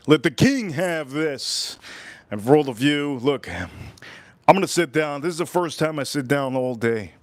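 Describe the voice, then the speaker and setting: A man hosting a casual cooking and tasting livestream, who talks in a drawn-out, playful way and repeats his phrases. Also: a little high, animated, no room sound. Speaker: livestream host.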